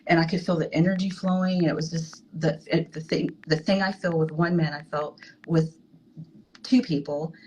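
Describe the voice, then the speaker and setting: Lowish-voiced woman telling a personal story, frank, stops and restarts a lot, faint hiss behind. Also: steady tone, darkish tone, rough recording. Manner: halting, frank, with many restarts. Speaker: guest sharing a personal story.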